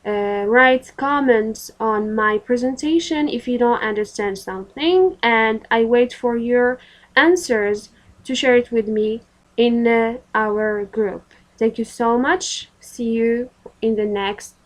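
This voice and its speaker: A woman's voice: on the high side, takes it slowly, poor audio. A woman with a Moroccan accent teaching a recorded English grammar lesson, explaining patiently with frequent fillers.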